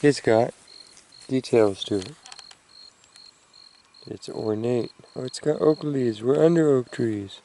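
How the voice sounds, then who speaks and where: A man's voice: mid-range voice, slow, pauses often, slight background noise. A man musing aloud as he digs up old metal finds outdoors, filming himself for a metal detecting vlog. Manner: relaxed, musing, thinking aloud. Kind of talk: casual outdoor commentary. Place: outdoors under oak trees.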